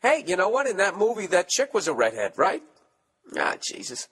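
A man's voice: high voice, wildly swooping pitch, quick pace, a bit bright, breathy edge. A man hosting a comedy podcast, reading listener letters aloud and riffing on them with profane, sarcastic asides. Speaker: podcast host.

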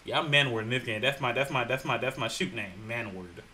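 A man giving jokey, excitable commentary while playing a video game, swinging from low mutters to loud shouts. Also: a little fast. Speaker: gaming channel host. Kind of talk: Let's Play commentary.

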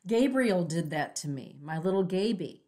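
A woman's voice: fairly low pitch, animated, moderate pace, a little mellow. A woman co-hosting a casual spiritual talk, sharing stories and affirming her guest's points. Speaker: co-host of a spiritual talk show.

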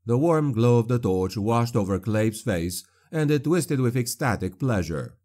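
A man reading a dark fantasy audiobook in a grave, measured narration. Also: mid-range voice, animated.

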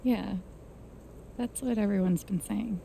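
A woman's voice: medium pitch, a little slow, gravelly, warm tone, a little hiss or hum. An actress playing a grieving young woman, the heroine of a story video game. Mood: subdued.

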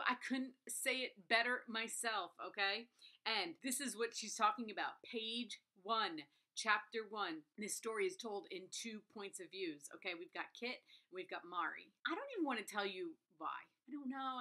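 A woman's voice: on the high side, pushed and bright. A woman reviewing a book in a casual vlog, gushing and chatty, with frequent asides and a habit of adding "okay?".

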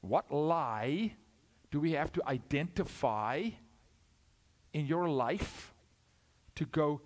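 Middle-aged guy preaching hard, kinda high voice, pitch all over the place, loud then quiet. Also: lively intonation, slow, pauses often. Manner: dramatic, swinging from loud calls to hushed asides; asks questions, acts out dialogue. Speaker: guest preacher. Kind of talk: sermon.

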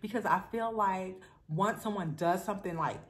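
A woman's voice: medium pitch, moderate pace. A woman, chatting bluntly and straightforwardly to her viewers while eating, a mukbang vlogger. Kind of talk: casual chat while eating.

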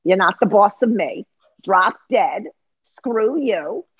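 A woman's voice: medium pitch, lively intonation, slow pace, husky, dull audio. A woman voicing a defiant, bratty teenage girl who talks back sullenly.

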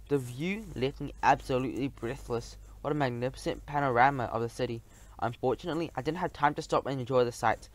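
A man narrating a children's storybook audiobook in a lively, expressive way. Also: mid-range voice.

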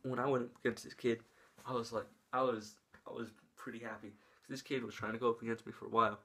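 A young man tells a story straight to camera in a loose, rambling way. He keeps circling back with "like" and restarts, and he acts out the moves with his hands as he goes. His voice sits at an ordinary middle pitch for a man. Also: little pitch movement, fast, a bit bright, slightly rough. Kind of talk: casual story time vlog.

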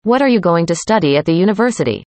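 Woman, scripted practice dialogue, careful clear delivery, slightly low pitch, dry recording. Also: expressive, fast, a little mellow, no room sound. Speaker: dialogue reader.

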